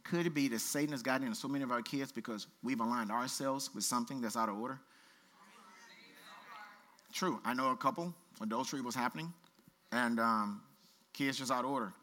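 A man pastor preaching a sermon, reading scripture aloud with colloquial asides and lively exhortation. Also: mid-range voice, a little fast, long pauses. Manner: animated preaching, reads scripture aloud with asides and playful voices.

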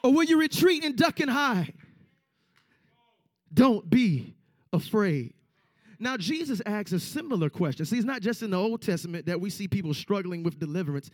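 A man with a strikingly high voice delivers a sermon. He talks emphatically, repeats key lines for stress and slips into the voices of the people he quotes. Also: expressive, quick pace, hardly any pauses. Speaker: preacher.

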